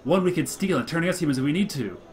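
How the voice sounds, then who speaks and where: A man voicing an excitable, paranoid female monster elder in a video game, with shrill, breathless alarm. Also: very fast, close to an everyday voice.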